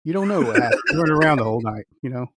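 A man's voice: mid-range voice, animated, racing, a bit bright, dry recording, clean studio sound. Chuckling man recapping a film. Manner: chuckling, easygoing, says "you know" often. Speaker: podcast co-host. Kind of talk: casual chat recapping a film.

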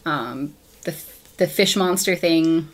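A woman's voice: sits low, takes it slowly. A woman co-hosting a casual film podcast, rambling with lots of fillers and acting out characters' lines. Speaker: podcast co-host.

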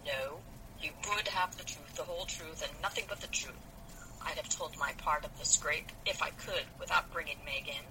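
A proud young man, hot-tempered and defiant, refusing to be lectured, as a woman reads him aloud from a novel. The voice sits low and the line comes with a steady hiss of noise behind it. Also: normal speed, lightly acted. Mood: indignant. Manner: indignant, defiant.

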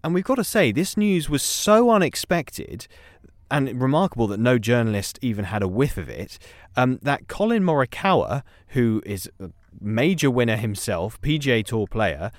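A man co-hosting a daily news round-up podcast, chatting in a lively way and laughing easily. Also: mid-range voice, normal speed, no echo, clean studio sound. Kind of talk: upbeat news round-up chat.

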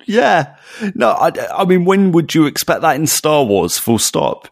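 A man's voice: a little high, sing-song, unhurried, no room sound, clean studio sound. A man co-hosting a casual podcast chat, emphatic and prone to repeating words for stress. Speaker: podcast co-host.

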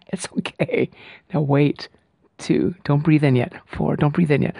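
Slow, calm male breathing coach. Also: mid-range voice, gravelly, breathy edge, dry recording. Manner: calm counting with reassuring asides. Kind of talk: guided breathing lesson.

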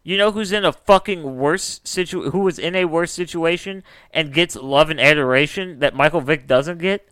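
A young man ranting hotly on a podcast, his voice bright, smooth and a little high. He swears freely and presses his points hard, recorded dry on his own microphone at home. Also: moderate pace, hardly any pauses, dry recording, rough recording. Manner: heated, profane ranting. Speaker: podcast co-host. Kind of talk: casual podcast banter. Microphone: own microphone by a laptop.

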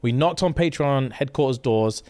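A man's voice: mid-range voice, normal speed. A man co-hosting a casual podcast, joking around and riffing on ad reads. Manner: jokey, animated, drifts into mock voices. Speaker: podcast co-host.

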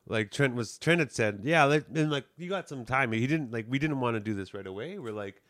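A man's voice: mid-range voice, expressive, fairly quick, a bit bright. A man who plays in a band, telling a casual story in a rambling, profane way, often checking in with "you know what I mean". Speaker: musician.

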